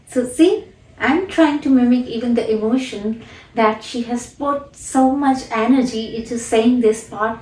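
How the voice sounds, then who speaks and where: A woman English teacher explaining pronunciation deliberately, then repeating phrases to demonstrate. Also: fairly high pitch, darkish tone, reverberant, distant mic, poor audio. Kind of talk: spoken lesson with demonstration.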